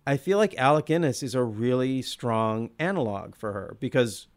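A man's voice: mid-range voice, lively intonation, normal speed. A man co-hosting a casual film podcast, talking thoughtfully and with enthusiasm, stretching words and restarting his sentences. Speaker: podcast co-host.

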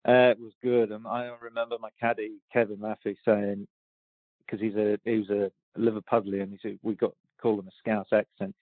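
A man's voice: on the low side, flat delivery, moderate pace, dry recording. A man in his sixties telling stories in an interview, with many ums and restarts and easy laughs. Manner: hesitant, lots of ums and restarts, laughs easily. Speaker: golf champion guest. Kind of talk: relaxed storytelling interview. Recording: tinny phone line, dry.

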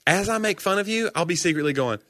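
Teasing man with a bright, lively voice. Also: sits high, no echo, clean studio sound. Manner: teasing, quick-witted, laughs often. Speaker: podcast co-host. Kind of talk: casual chat.

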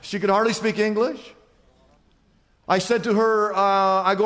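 A man preaching a sermon as pastor, telling stories and dropping from loud to hushed. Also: sits high, steady tone, moderate pace. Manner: storytelling, swings from loud to hushed. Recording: long hall reverb.

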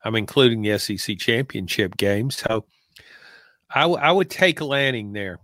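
A man from the American South with a Southern accent, talking in a slow, measured drawl as a podcast co-host in a casual sports chat. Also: on the low side, lively intonation, a bit bright, no echo, studio quality. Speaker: podcast co-host, football analyst.

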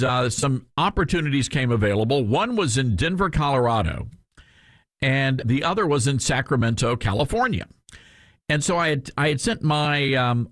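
A man's voice: mid-range voice, a bit bright, no room sound. A male talk radio host with a Southern US accent, telling a rambling story full of fillers and restarts into a studio microphone.

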